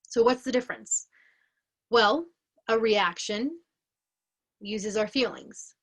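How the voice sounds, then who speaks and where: Woman, educator, explanatory lesson, raised voice, unhurried careful delivery. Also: a little high, steady tone. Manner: slow, deliberate, clearly paced explanation.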